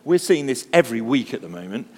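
A man's voice: mid-range voice, big pitch swings, fast, a little mellow, breathy edge, long reverb tail. A man preaching a sermon, telling stories with humor and asking the congregation rhetorical questions.

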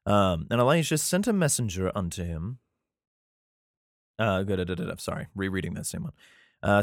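Low-voiced man swearing through a Bible reading. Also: sing-song, moderate pace, no room sound, studio quality. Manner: profane, sarcastic asides between read passages; reads archaic scripture aloud, stumbling and rereading. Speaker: podcaster reading and commenting on the Bible. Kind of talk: casual irreverent Bible reading with commentary.

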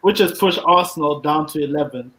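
A man's voice: a little high, brisk, a loud crowd, low-quality recording. A man guesting on a football podcast, teasing and matter-of-fact. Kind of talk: casual football chat.

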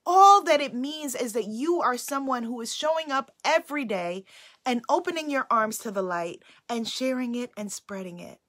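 A woman's voice: a little high, expressive, normal speed, a bit bright. A woman hosting a live-streamed inspirational self-care talk from home, affirming and repeating her key phrases in an uplifting way.

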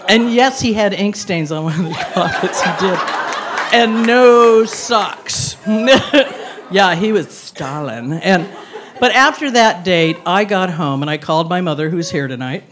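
A woman's voice: on the low side, expressive, a little slow, very noisy. A woman in her sixties tells a personal story on stage before an audience, wry and self-mocking, laughing through her lines.

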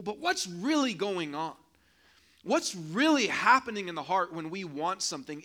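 A middle-aged man delivers a sermon in an easy, conversational way. His voice sits high and sounds bright. He acts out quotes and throws rhetorical questions at the congregation. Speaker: pastor.

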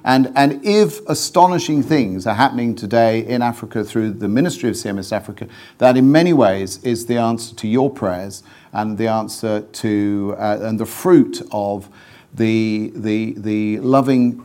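A man's voice: lowish voice, moderate pace, warm tone. Hesitant man addressing a conference. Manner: hesitant, many fillers and restarts. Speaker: mission organisation leader speaking at a conference.

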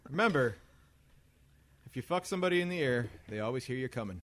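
A man's voice: medium pitch, animated, quick pace, a bit bright, slight background noise. A man co-hosting a podcast in a casual, crude, joking chat, wrapping up the episode. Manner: joking, wraps up the show. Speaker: podcast co-host.

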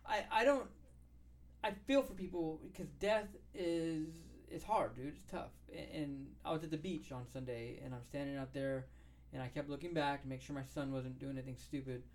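A man's voice: fairly high pitch, normal speed. A middle-aged man co-hosting a podcast who talks bluntly, swears freely and repeats his words. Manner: blunt, profane, repeats himself. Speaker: podcast co-host. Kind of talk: casual chat.

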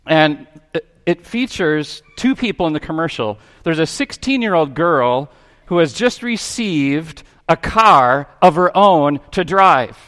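A man's voice: on the high side, big pitch swings, measured pace, fairly bright tone, long reverb tail. A man preaching a sermon in a church, talking in a conversational way and asking his listeners questions. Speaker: pastor. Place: church sanctuary.

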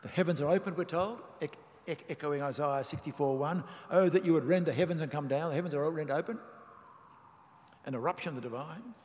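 A man preaching a sermon, reading and explaining scripture in a measured, emphatic way. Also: on the high side, darkish tone. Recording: long reverb of a large hall.

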